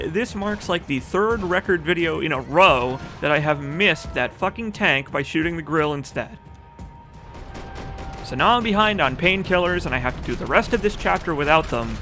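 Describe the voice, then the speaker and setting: A man's voice: on the high side, sharp tone. Profane joking speedrun commentator man. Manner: joking, profane and rambling, reads chat aloud. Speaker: speedrunner commenting on his own run. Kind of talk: casual game commentary. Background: game music.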